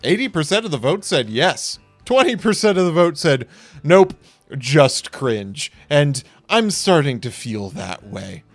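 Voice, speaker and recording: A young man giving playful, jokey play-by-play commentary on card game duels, with quick excited reactions. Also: fairly high pitch, no echo, soft background music.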